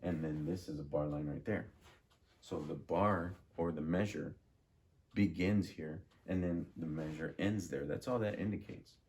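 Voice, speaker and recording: A man's voice: deep voice, a little mellow. A man teaching a music lesson, patiently drilling rhythms and asking questions. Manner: slow, patient, repeats and drills words.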